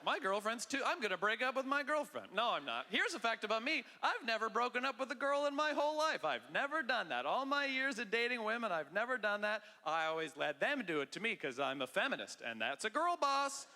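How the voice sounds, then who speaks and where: A man in his thirties from Canada performing a loud, excitable stand-up comedy set with mock bravado. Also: extremely high pitch, a little fast, few pauses. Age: 30s. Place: large theater stage. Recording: live stage audio with long hall reverb.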